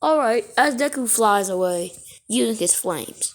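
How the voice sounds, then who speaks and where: A woman's voice: on the high side, lively intonation, a little slow. A woman casually retelling a fan story as narrator, rambling and correcting herself as she goes.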